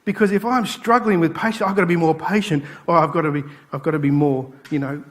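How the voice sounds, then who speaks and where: A pastor preaching in a church, his voice sitting a little high for a man. He tells stories with energy and acts out the voices of the people in them. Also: fast talker. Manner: animated storytelling, acting out quoted voices. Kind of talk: sermon.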